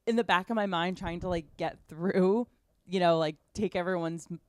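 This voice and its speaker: A woman podcast host telling a story in a chatty, animated way. Her voice sits a bit low and sounds smooth. It is recorded close and dry. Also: normal speed, no echo. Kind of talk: casual podcast conversation.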